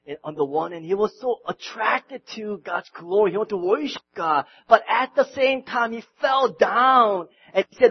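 Man, sermon, high voice, animated preaching, loud and soft swings. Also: moderate pace, hardly any pauses, husky, highs cut off. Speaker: pastor.

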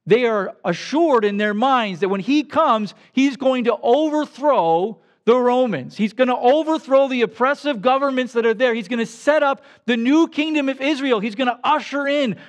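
A man preaching who reads scripture and then pauses to explain it in plain, everyday words. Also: extremely high pitch. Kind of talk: scripture reading with casual commentary.

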